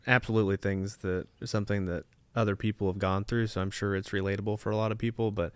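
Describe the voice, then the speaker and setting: A man co-hosting a casual podcast, explaining things in a measured way with some restarts. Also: on the low side, flat delivery, clear, resonant tone, no echo. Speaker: podcast co-host. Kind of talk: casual chat. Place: home studio, seated on a couch.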